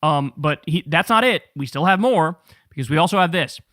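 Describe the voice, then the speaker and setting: A man hosting a political talk show, giving animated, profane commentary and mocking the people he talks about. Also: on the high side, brisk, dry recording, clean studio sound. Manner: profane, mocking and animated, laughing at his targets.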